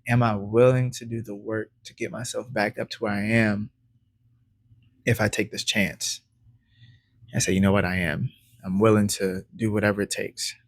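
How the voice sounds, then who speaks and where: A man with a low, slightly husky voice tells a personal story straight to camera. He gets animated as he acts out his own past thoughts and often laughs. The sound is close and dry, with no room echo. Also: moderate pace. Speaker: credit educator vlogger.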